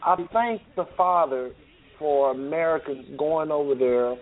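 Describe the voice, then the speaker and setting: A man hosting a call-in show, speaking fervently and preachily with many halting fillers. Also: fairly high pitch, a little hiss or hum. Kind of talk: casual call-in talk. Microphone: phone. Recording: tinny phone line.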